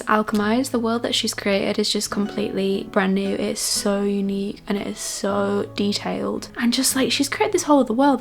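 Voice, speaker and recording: A young woman chatting casually in a home vlog, enthusiastic and sometimes dropping to a soft hush. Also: mid-range voice, gravelly. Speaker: vlogger. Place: cosy home reading corner.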